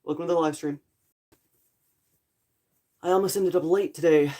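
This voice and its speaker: A man's voice: on the high side, fairly even intonation, normal speed, dark tone. A young man chatting casually to viewers on a live stream, rambling and apologetic, with a groggy morning voice. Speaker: livestreamer. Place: home in a rural area.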